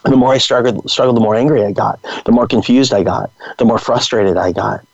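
Animated male storyteller, dry lo-fi sound. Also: mid-range voice, brisk, vocal fry, no room sound. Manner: animated anecdotal storytelling, acts out quoted dialogue. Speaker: guest entrepreneur and speaker. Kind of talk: storytelling in a podcast interview.

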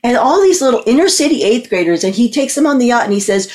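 A woman's voice: fairly high pitch, quick pace. A woman guest on a talk show telling a long story with lots of energy, acting out the voices of the people in it. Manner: lively, acts out voices in her story. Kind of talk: animated anecdote on a talk show.

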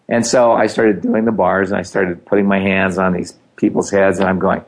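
A man's voice: deep voice, little pitch movement, a little fast, few pauses. A middle-aged man telling his story in casual conversation, animating the quoted dialogue.

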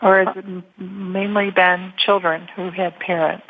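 A woman's voice: fairly low pitch, flat delivery, moderate pace. A woman hosting an interview, asking plain, direct questions. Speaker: host. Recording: tinny phone line.

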